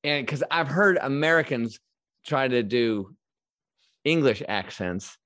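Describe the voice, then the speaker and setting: A man's voice: medium pitch, lively intonation, slow pace, fairly bright tone, no echo. A male host asks his questions in a loose, rambling way, full of fillers and restarts, with a mid-range voice. The recording is close and dry, with no room sound. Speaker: podcast host. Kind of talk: casual interview chat.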